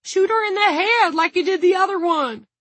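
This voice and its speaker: Woman playing a shrill panicky ex-guard. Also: moderate pace, fairly bright tone, no room sound. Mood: screaming. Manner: shrill, frantic pleading. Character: panicky pudgy male ex-prison guard.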